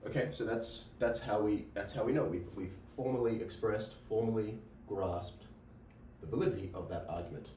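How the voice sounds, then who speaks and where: A male lecturer explains logic to a class, circling back and asking "right?" as he goes. His voice sits a little low and mellow. It is picked up from some distance in an echoey room with a faint hum of ambience. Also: moderate pace. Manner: repeats himself, checks in with "right?". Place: classroom with a board.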